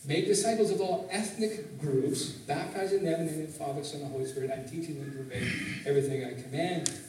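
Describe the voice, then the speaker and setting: High-voiced pastor preaching in an echoey hall. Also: male voice, quick pace, dark tone, far from the mic, slight background noise. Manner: teaching, asks the congregation frequent questions. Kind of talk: sermon. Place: church sanctuary, in Canada.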